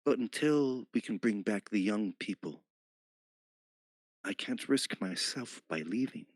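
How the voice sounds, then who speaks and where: A man's voice: on the low side, lively intonation, dry recording, voice pushed up. A man playing a humble bookish forest villager. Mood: earnest. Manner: earnest, halting, soft-spoken. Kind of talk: tabletop game role-play.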